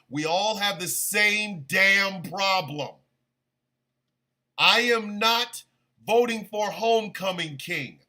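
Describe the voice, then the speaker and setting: High-voiced man in a slow, profane rant. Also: animated, bright, forceful tone. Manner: profane, exasperated and sarcastic. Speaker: radio stream host. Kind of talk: heated political rant.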